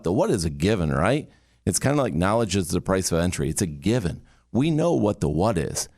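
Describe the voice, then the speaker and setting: A man from Michigan giving a motivational talk on communication, telling a story and coaching in a lively, punchy way. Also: lowish voice. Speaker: communication speaker.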